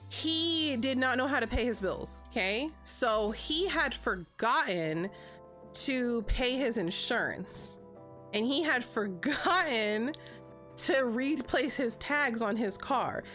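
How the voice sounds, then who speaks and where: Speaking slowly over soft background music, a woman in her thirties recounts a story on her livestream in a slightly high, somewhat bright voice with lively intonation. The vlogger is chatty and swears freely, filling nearly every gap with "like," and she's using a streaming mic setup.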